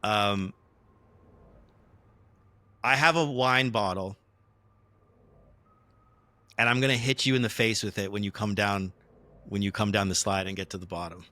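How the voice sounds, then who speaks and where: A man's voice: fairly low pitch, fairly even intonation, measured pace, pauses often, sharp tone, dry recording. A man explaining the rules of a tabletop role-playing game to his one fellow player, in casual chat full of restarts.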